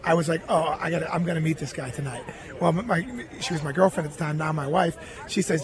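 A middle-aged man with a notably high-pitched speaking voice tells a long personal story as a radio guest. He is earnest, recounting conversations and quoting others without changing his voice. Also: expressive, a little fast, crowd noise. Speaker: guest, former baseball catcher.

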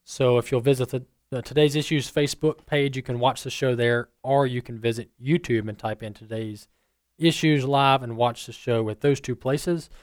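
A man's voice: medium pitch, fairly even intonation, moderate pace, no room sound, clean studio sound. A man co-hosting a talk radio show in a plain, conversational way. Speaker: radio co-host.

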